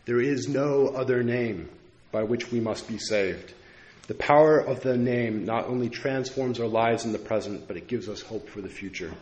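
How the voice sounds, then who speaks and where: A man preaching a Bible study sermon, earnest and measured, with occasional filler pauses as he reads scripture aloud. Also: mid-range voice, a little mellow. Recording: echoey room.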